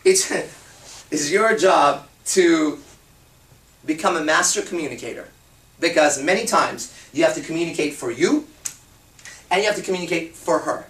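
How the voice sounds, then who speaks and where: A man giving a blunt, profane and animated seminar talk as a dating and confidence coach. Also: on the high side, echoey room, recorded from a distance. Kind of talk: seminar talk to a live group.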